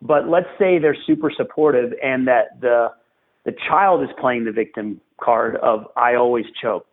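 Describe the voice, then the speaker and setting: A man's voice: medium pitch, measured pace. A man, a tennis coach, giving earnest and emphatic advice as a podcast guest, repeating phrases for stress. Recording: tinny phone-like remote line.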